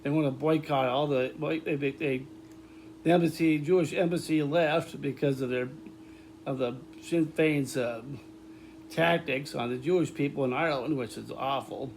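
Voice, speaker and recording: A man talking in a rambling, casual monologue to his viewers, repeating words, restarting sentences and breaking into loud laughter. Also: fairly high pitch, moderate pace, gravelly, a little hiss or hum. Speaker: vlogger.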